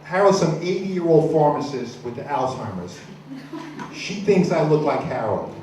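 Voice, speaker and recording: A man's voice: on the high side, unhurried, slight background noise. Rambling foul-mouthed man on a far-off, echoey mic. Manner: rambling, crude, deadpan storytelling with many restarts. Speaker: stand-up comedian. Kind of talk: stand-up set at an open mic.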